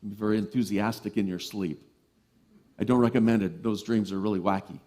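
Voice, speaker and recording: A man giving a sermon as a reverend, animated and playful, telling lively stories. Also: fairly low pitch, brisk.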